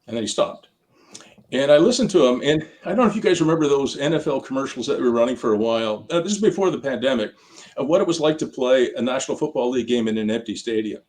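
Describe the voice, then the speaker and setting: A man's voice: medium pitch, expressive, fast talker, darkish tone. An older man, a guest on an interview show, answering questions in a chatty, storytelling way and laughing between his points. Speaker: guest, sports team founder. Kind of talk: casual interview talk. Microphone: on camera, video interview.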